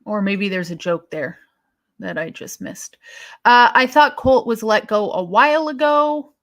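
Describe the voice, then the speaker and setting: A woman's voice: mid-range voice, lively intonation, measured pace, a bit bright. A woman co-hosting a wrestling live stream, chatting casually and thinking aloud with sighs and restarts as she reacts to viewer comments.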